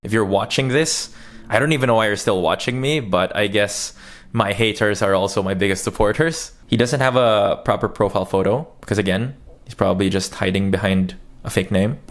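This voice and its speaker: A man from the Philippines with an American English accent tells stories in a casual YouTube vlog, acting out the quotes as he chats. His voice is lowish and his pace brisk.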